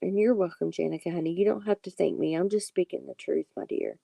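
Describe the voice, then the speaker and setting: A woman's voice: lowish voice, fast, creaky, dark tone, no echo. A woman hosting a late-night tarot live stream, chatting casually and reassuring her viewers by name.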